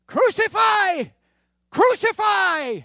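A man voicing an angry crowd in a dramatic scripture reading, shouting in drawn-out cries. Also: very high voice, sing-song, vocal fry, no echo, studio quality, pitched above the performer's own voice, full character voice. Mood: furious.

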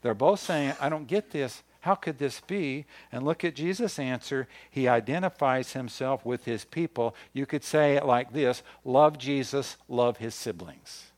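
A man preaches from the pulpit, reading scripture aloud verse by verse. His voice sits at an ordinary middle pitch. He leans into his key points with rising emphasis. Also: a little slow, hardly any pauses. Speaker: pastor. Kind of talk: sermon.

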